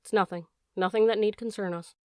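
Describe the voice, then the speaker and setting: A woman voicing a calm old stag. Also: medium pitch, a little fast, no room sound, clean studio sound, close to an everyday voice. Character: calm old male deer, the wise elder.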